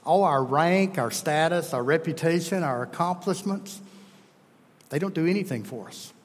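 Middle-aged male preacher, earnest storyteller, raspy, lingering hall reverb. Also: on the high side, moderate pace. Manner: earnest storytelling, emphatic, self-correcting. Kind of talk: sermon.

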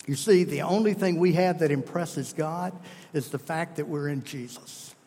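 Husky-voiced male preacher in a reverberant hall. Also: fairly high pitch, moderate pace, dark tone. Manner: earnest storytelling, emphatic, self-correcting. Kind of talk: sermon.

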